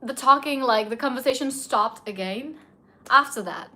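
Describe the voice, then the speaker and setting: A woman's voice: high voice, normal speed, bright, forceful tone. A young woman from India, telling a personal story to her viewers in a chatty, indignant way, filling her talk with "like". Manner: chatty, indignant, heavy use of filler "like". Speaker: vlogger. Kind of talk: casual storytime monologue.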